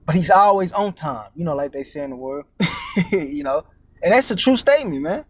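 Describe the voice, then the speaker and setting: A man's voice: on the high side, sing-song, moderate pace, breathy edge, no echo. A man giving an informal, profane street-style sermon, tagging lines with "man" and "all right?", stammering and repeating words as he searches for what to say. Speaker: preacher.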